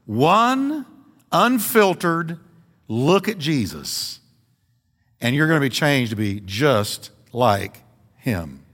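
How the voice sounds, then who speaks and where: A middle-aged man preaching a sermon as pastor, animated and building to emphatic questions. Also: fairly high pitch, takes it slowly, big-room sound. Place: church sanctuary.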